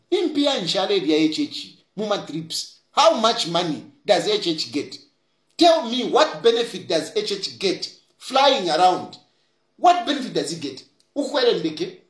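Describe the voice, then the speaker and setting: Speaking in a high, fairly bright voice that echoes with reverb, this Zambian-accented man argues his political points through rhetorical questions. He blends Bemba into his English as he goes.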